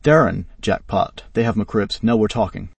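A man voicing an easygoing young male musician in a flat, even read that says the speaker's name before each line. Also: lowish voice, normal speed, creaky, slightly rough, no room sound, distant mic, heavily acted.

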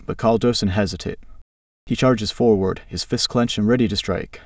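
A man narrating an adventure story in a steady, dramatic read with a low, gravelly voice. He sits back from the mic in a dry, deadened space. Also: moderate pace, no room sound, far from the mic.

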